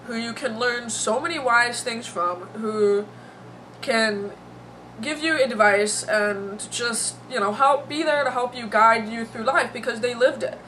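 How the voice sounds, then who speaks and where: A woman's voice: fairly high pitch, a little slow, pushed and bright, a little hiss or hum, low-quality recording. A young woman vlogging to her camera, emotional and teary, rambling with lots of fillers. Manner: emotional, rambling, heavy on "like" and "you know". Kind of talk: casual vlog commentary. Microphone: camera mic.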